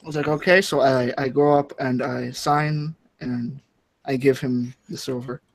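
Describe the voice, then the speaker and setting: A man's voice: mid-range voice, little pitch movement, unhurried, vocal fry. A man playing a tabletop game, describing his character's actions casually in first person. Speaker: player.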